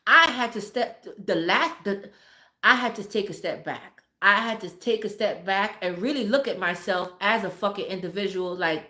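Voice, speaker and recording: Woman on a livestream preaching to her viewers, cussing a lot, hammers words over and over, mid pitch, roomy echo. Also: moderate pace, pushed and bright. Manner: blunt, heavily profane, emphatic and preachy; repeats words for emphasis. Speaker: livestream host talking to viewers. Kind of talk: casual livestream advice talk.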